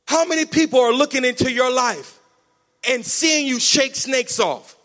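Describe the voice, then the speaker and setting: A man preaching a sermon with energetic call-and-response, urging the congregation to answer back. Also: extremely high pitch, unhurried. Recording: long hall reverb.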